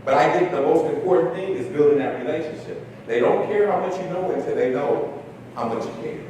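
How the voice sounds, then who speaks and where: A man giving a talk to an audience, telling a story in an animated way and acting out the dialogue. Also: brisk. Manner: animated storyteller, shifts loudness, acts out dialogue. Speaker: speaker at an education talk. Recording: echoey hall, distant mic, faint rumble.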